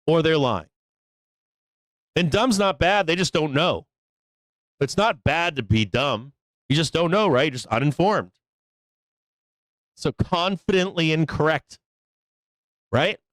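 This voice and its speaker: A man's voice: on the high side, expressive, takes it slowly, pauses often, fairly bright tone, no room sound. Blunt, profane male trading show host. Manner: profane, blunt and emphatic, rambling. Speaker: stock market show host. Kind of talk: casual live trading commentary.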